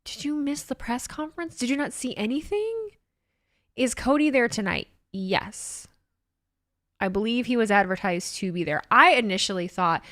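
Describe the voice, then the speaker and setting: A woman's voice: mid-range voice, dry recording, clean studio sound. A woman streamer chatting casually and sarcastically with her live chat while reacting to a show.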